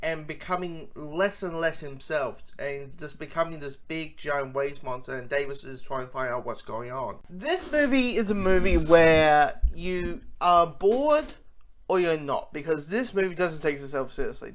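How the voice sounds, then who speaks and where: A casual movie reviewer with a middle-pitched, expressive voice talks at normal speed with real enthusiasm. He rambles, starting a thought, dropping it, and starting again, with fillers and restarts throughout.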